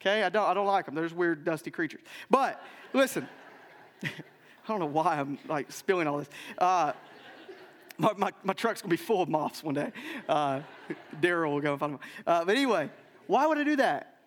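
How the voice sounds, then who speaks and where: A male pastor delivering a sermon in a church, telling stories in an animated way and often checking in with "right?". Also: a little high, normal speed, long reverb tail. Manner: animated storytelling with frequent "right?" asides. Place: church sanctuary.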